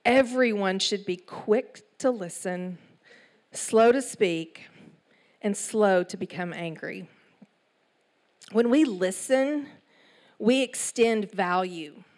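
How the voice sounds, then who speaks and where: A middle-aged woman with an East Texas accent, preaching a sermon in an animated storytelling way with asides. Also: mid-range voice, takes it slowly, long pauses. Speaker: church speaker.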